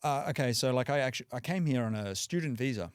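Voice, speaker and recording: A man's voice: medium pitch, fast, clean tone, dry recording, clean studio sound. A man from Australia, a podcast guest, chatting casually with lots of "like" and "you know". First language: English. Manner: relaxed, frequent "like" and "you know" fillers. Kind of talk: casual conversation.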